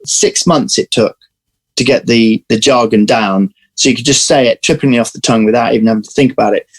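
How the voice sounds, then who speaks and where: A man being interviewed as an actor, telling lively anecdotes in casual chat over a video call. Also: mid-range voice, fairly quick, breathy edge, rough recording. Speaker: actor guest.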